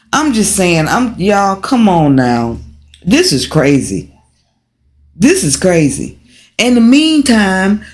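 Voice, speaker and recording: Livestream host, woman from the States, casual and animated, talks to the chat, mid-pitched. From United States. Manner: animated, talks straight to viewers, rhetorical questions. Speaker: livestream host and relocation guide.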